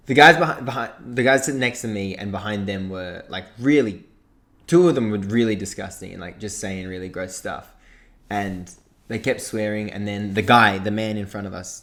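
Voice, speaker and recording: A man's voice: fairly low pitch, a bit bright. A young Australian man, a podcast co-host, telling a long story in casual chat and swearing freely along the way.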